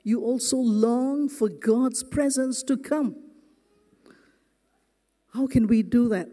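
A man preaching a sermon as pastor, slow and earnest, leaning hard on key words in a church. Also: very high-pitched, mellow. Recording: long reverb of a large hall.

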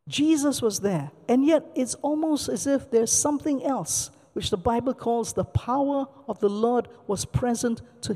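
A pastor delivering a sermon, moving from personal story to scripture and stressing points by repeating key words. The voice is mellow and relaxed, and it rings out in a long hall reverb. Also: mid-range voice. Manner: storytelling, emphatic repetition.

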